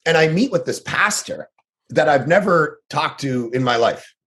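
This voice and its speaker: A man, a pastor and author, speaking as a guest on a podcast. He talks casually and tells stories animatedly, with quick asides and frequent restarts. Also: a little high, animated, fairly bright tone.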